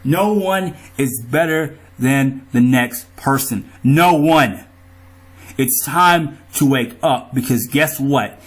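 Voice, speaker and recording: A man's voice: mid-range voice, slow. A man in an angry monologue to his viewers, riled up, profane and ranting. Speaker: vlogger.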